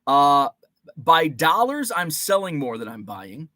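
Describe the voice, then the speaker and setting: A man's voice: on the high side, big pitch swings, slow pace, sharp tone, no echo, studio quality. A man hosting a casual livestream, rambling between topics and reading viewer comments aloud. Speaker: host.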